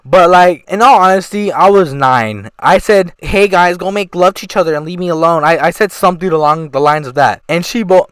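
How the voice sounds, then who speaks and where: A man's voice: a little high, clean tone, no room sound. A young man casually telling a storytime tale, rambling and swearing a lot. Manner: profane, rambling, animated retelling. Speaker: storytime vlogger.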